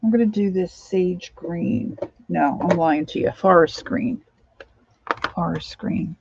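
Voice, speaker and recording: Drowsy, gravelly woman rambling over crafts. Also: on the low side, takes it slowly, darkish tone, slight background noise. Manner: rambling, sings and hums to herself while working. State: sleep-deprived. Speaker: crafting vlogger. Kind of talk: casual crafting chat. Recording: dull lo-fi home recording.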